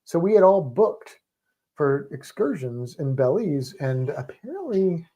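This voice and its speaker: A man's voice: on the high side, dull audio. A man co-hosting a livestream, chatting casually and rambling with fillers. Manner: relaxed, rambling, halting with fillers. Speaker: livestream co-host. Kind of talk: casual chat.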